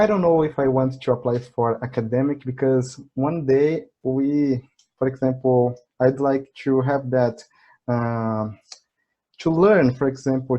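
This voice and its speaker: A man from Brazil speaks English with a Brazilian accent in a mellow, warm-toned voice. He chats in a friendly, easygoing way, laughing often and restarting sentences as he searches for words. He is talking over an online video call. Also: medium pitch, dull audio. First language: Portuguese. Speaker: channel host, English learner. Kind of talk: casual conversation.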